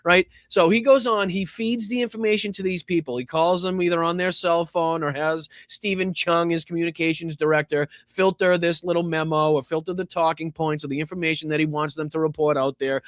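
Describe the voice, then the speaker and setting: Boston dude ranting on a live show, swears a lot, laughs at his own jokes, kinda high voice. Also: fairly quick, no room sound. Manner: sarcastic, profane, laughing asides. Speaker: political commentary host. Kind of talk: live political commentary.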